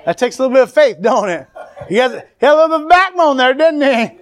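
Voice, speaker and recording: Preacher guy, really high voice, fired up, keeps throwing amen at the crowd. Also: lively intonation, quick pace. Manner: fervent, calls out amen and praise the Lord to the congregation. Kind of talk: sermon.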